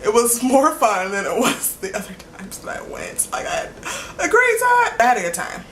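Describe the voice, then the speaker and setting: In an echoey room with faint ambience and slight background noise, a young woman vlogs casually, her voice a little high with huge pitch swings at a normal speed. Her tone is fairly bright as she rambles, giggly and apologetic, stringing thoughts together with plenty of "like."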